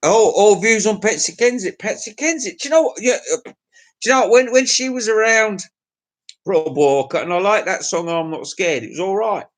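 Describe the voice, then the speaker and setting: A middle-aged man with an English accent hosts a loose livestream chat, wandering from one thought to the next. He talks crude and chuckles to himself, and his voice sits a touch higher than most men's. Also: animated, normal speed, fairly bright tone. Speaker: livestream host. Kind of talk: casual chat to viewers.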